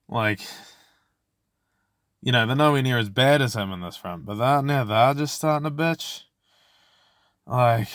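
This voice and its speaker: A man's voice: medium pitch, fairly bright tone, no echo, clean studio sound. A man, hosting a podcast alone and venting about work in a rambling, profane way. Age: 20s. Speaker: podcast host. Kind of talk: casual solo podcast rant.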